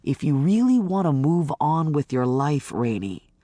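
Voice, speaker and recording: A calm male federal agent, as an audiobook narrator plays him, talks slowly and evenly. His pitch rises and falls a lot. The sound is close and dry. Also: no room sound. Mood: earnest. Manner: level, measured, gently insistent. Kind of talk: audiobook character voice.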